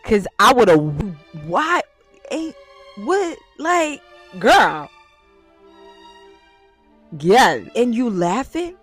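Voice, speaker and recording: A woman's voice: on the high side, very slow, long pauses, faint music behind. A woman hosting a reaction video, talking casually and swinging between disbelief, swearing and exclaiming. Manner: animated, exclaiming, swearing, breaking into laughter.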